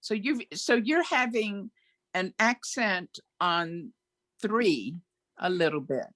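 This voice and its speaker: A woman's voice: medium pitch, animated, slow pace, fairly bright tone, no room sound. A woman joins an online music workshop from a video call, her voice dry and close. She speaks hesitantly and thinks aloud while asking questions. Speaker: workshop participant.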